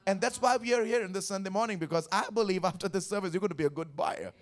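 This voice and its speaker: High-voiced preacher man, emphatic. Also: quick pace. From India. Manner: emphatic, repetitive, questions the congregation. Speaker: pastor. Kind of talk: sermon. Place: church service.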